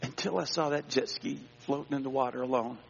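A male pastor telling a personal story in a sermon, dramatic, dropping to a hush and rising again. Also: medium pitch, fairly quick, gravelly, slight background noise. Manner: dramatic, swings between hushed and raised voice. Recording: dull sound with long hall reverb.

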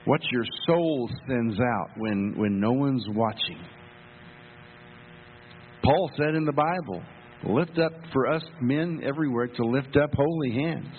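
A male pastor delivers a sermon at an unhurried pace, leaning into repeated phrases as he tells a story. The sound is narrow and phone-like, with long reverb from the church hall and a faint mains hum underneath. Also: medium pitch, lively intonation. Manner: storytelling preacher, emphatic, with repetitions. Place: church sanctuary.

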